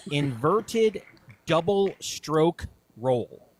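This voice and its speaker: A man's voice: a little high, very animated, very slow, a little mellow. A man hosting a casual chat, eagerly asking questions and repeating what the drummer shows. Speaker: host.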